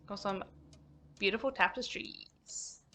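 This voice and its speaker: A woman's voice: mid-range voice, slow pace, bright, forceful tone, slight background noise. A woman streamer giving giggly, rambling let's-play commentary over a mystery game.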